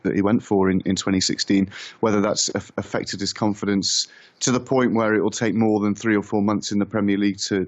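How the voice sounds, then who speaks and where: A man answering as a football correspondent on a radio phone-in, measured and hesitant, often restarting his sentences. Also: lowish voice. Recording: dull lo-fi phone line.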